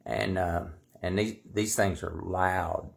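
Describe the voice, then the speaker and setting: Slow gravelly drawling man. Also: sits low, steady tone. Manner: slow, drawling, rambling with many fillers. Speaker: storyteller, shop owner. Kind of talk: casual storytelling.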